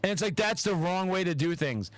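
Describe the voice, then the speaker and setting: Chatting casually on his podcast, this high-voiced male host talks briskly and animatedly, cursing frequently and breaking into acted-out quotes. There's no echo at all, just a very dry, rough recording.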